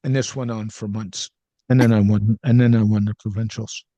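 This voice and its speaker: A man's voice: lowish voice, fairly even intonation, moderate pace, dark tone, dry recording. A man hosting a podcast, telling candid anecdotes with frequent ums in a casual conversation, on a slightly dull recording. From Canada. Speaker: podcast host.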